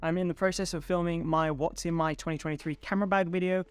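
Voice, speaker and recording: A man talking casually to his camera at home, relaxed and enthusiastic, chatting to his viewers. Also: fairly high pitch, fast, clear, resonant tone, no room sound. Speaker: photography video creator. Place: indoors at home. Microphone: home studio mic.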